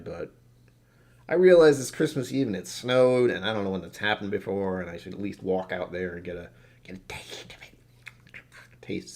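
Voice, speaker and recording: A man's voice: low voice, a little mellow. A tired man casually rambling through whisky tasting notes, self-deprecating and swearing now and then. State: tired from poor sleep. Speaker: whisky reviewer.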